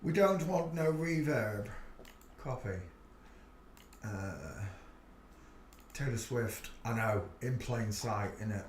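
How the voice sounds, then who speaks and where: A man's voice: medium pitch, takes it slowly, pauses often, reverberant, a little hiss or hum. A man hosting a casual livestream, greeting viewers by name and muttering to himself as he sets up. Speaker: livestream host.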